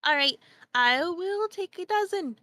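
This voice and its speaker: Woman player, unhurried, fairly high voice, playful, dry close sound. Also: expressive, bright, forceful tone, no room sound. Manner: playful, slow, eager in-character questions. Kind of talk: playing a tabletop game.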